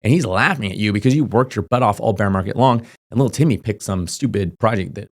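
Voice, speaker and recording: A young man speaking quickly and insistently, his voice sitting fairly low, giving casual straight-to-camera advice. He piles on fillers and keeps checking in with a quick "okay?" as he drives his points home. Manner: rapid, filler-heavy, emphatic, repeats "okay?". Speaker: crypto YouTuber.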